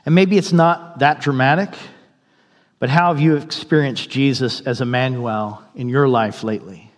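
A man's voice: mid-range voice, moderate pace. A male pastor telling a story in a sermon, in a conversational way, and briefly voicing the people in it. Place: church sanctuary. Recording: long hall reverb.

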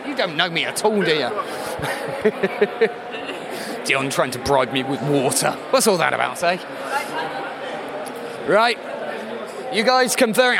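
High-voiced sarcastic quiz host, slightly hoarse. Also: male voice, measured pace, long pauses, a crowd in the background. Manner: deadpan sarcasm, teasing the audience. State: slightly hoarse, losing his voice. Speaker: quiz host of a live podcast show. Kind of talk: sarcastic comedic quiz hosting. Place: live show with an audience.

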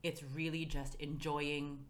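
A woman with a deep, low voice talks through motivation and ambition in a casual podcast chat. She speaks earnestly and keeps checking in with "you know what I mean". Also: little pitch movement, measured pace. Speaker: podcast guest.

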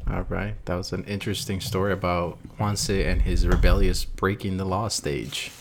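Young guy cohost, low voice, teasing and cursing in banter. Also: steady tone, normal speed, noisy background. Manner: teasing, crude joking. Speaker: podcast co-host. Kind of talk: casual banter.

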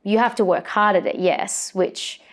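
A woman's voice: mid-range voice, fairly even intonation, normal speed. A woman, a sports presenter, chatting as an interview guest with lots of fillers and restarts. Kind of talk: casual interview chat.

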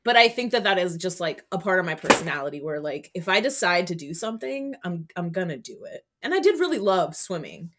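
A woman's voice: lowish voice, big pitch swings, brisk, few pauses, fairly bright tone. A woman in her forties, a podcast guest telling stories in a candid, chatty way. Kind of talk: casual interview storytelling.

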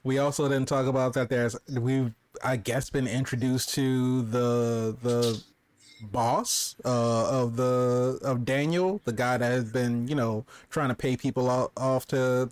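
An easygoing man with a mid-pitched voice recaps plot points in a casual review chat, loose and full of fillers. The sound is dry and close. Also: steady tone, unhurried, a little mellow, clear, resonant tone, no room sound. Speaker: podcast co-host.

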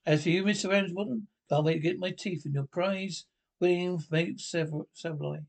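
A man's voice: high voice, fairly even intonation, moderate pace. An actor playing a cheery male vicar who slips sly double meanings into parish notices. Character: innuendo-prone male comedy vicar.

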